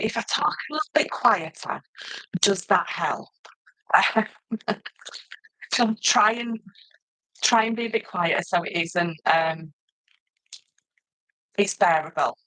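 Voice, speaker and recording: Woman, middle-aged, low-pitched, loud and chatty, dry close sound, casual craft stream. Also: no echo, poor audio. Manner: chatty, loud, laughs often. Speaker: craft presenter. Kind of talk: casual live stream chat.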